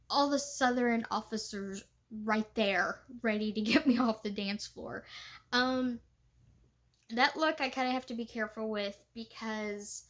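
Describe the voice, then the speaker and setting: A young woman reenactor talking in a casual, chatty way, with many fillers and laughs. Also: fairly high pitch. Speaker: living history reenactor. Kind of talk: casual vlog talk.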